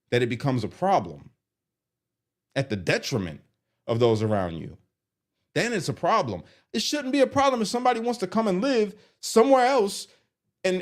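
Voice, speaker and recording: A man doing live commentary on viewer comments, animated and exasperated as he reads them aloud. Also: high-pitched. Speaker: streamer reacting to comments.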